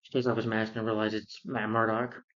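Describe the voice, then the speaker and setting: A man's voice: lowish voice, level tone, fairly quick, a bit bright. A man recapping a film plot in a casual, rambling way, with many fillers and restarts. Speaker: film reviewer. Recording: dull lo-fi sound.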